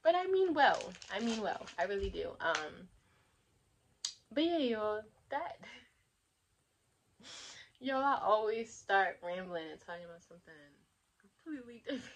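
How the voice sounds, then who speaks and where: A woman's voice: mid-range voice, expressive, a little slow, pauses often. A young woman vlogging to camera in casual, rambling chat, laughing often and talking with lots of fillers.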